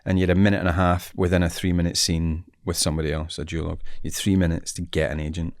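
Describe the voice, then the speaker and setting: A middle-aged man with a Scottish accent, talking in a relaxed chat and telling stories with real energy, slipping into other people's voices as he goes. His voice sits on the lower side, and the recording is dry and close with no room sound. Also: fast talker, dry recording. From Scotland. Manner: animated storytelling, acts out quoted voices, laughs often. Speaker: actor guest. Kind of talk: casual chat.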